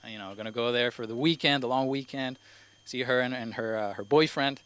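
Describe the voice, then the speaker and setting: A man's voice: medium pitch, steady tone, a little fast, a bit bright, clean tone. Rambling young man with faint Spanish accent. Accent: slight Spanish accent. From Spain. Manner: rambling, hesitant, lots of fillers. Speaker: first-time open mic comedian. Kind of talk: stand-up comedy. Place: comedy club stage.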